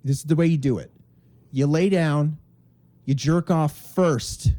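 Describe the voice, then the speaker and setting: A man co-hosting a comedy podcast, telling crude, animated stories and acting out voices in casual chat. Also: fairly high pitch, unhurried. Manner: crude, animated storyteller who acts out voices. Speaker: podcast co-host.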